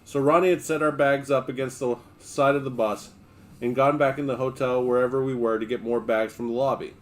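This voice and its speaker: A man hosting a livestream, reading a memoir aloud in a steady, relaxed first-person voice. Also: mid-range voice, a little fast.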